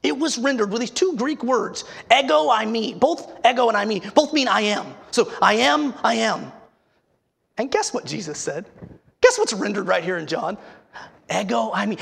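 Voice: medium pitch, animated, moderate pace, vocal fry, fairly bright tone, slightly rough. A preacher giving an emphatic sermon, asking the listeners rhetorical questions and sometimes restarting words.

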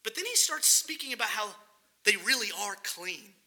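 Male preacher, high and gravelly voice, animated sermon delivery with acted-out scripture scenes. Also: moderate pace.

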